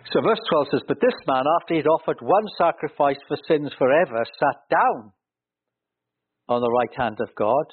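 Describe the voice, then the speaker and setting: A man's voice: medium pitch, slightly rough. A man teaching from the Bible in an earnest, explanatory way, pressing hard on key words. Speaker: preacher. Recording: thin phone-like radio broadcast.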